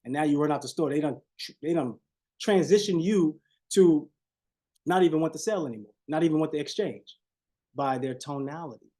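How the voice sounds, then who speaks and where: A man with leads a live sales coaching call, with a somewhat high voice and a dark, mellow tone. He preaches and repeats phrases, drops his voice low and slow for effect, and keeps turning to his listeners. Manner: preachy, repeats phrases, shifts tone on purpose, talks to audience as y'all.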